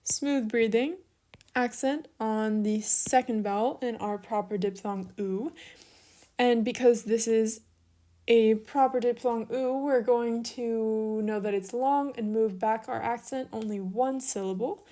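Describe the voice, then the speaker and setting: A woman's voice: on the high side, measured pace. A young woman explains Greek verb forms one step at a time as she writes, with brief apologies along the way. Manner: steady, step-by-step explaining while writing, with small apologies. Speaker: Greek teacher. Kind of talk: online lesson walkthrough.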